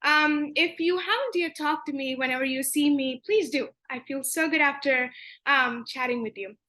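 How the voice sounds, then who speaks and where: A woman's voice: high-pitched, normal speed, bright, forceful tone. A young woman vlogging as a student, chatty and upbeat, talking straight to her viewers. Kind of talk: casual vlog talking to viewers.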